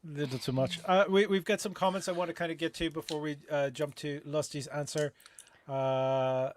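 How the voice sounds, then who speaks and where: A man's voice: on the high side, steady tone, moderate pace, slight background noise. A man hosting a live advice show over a video call, reading out viewer comments with a lot of hesitant fillers. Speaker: livestream host.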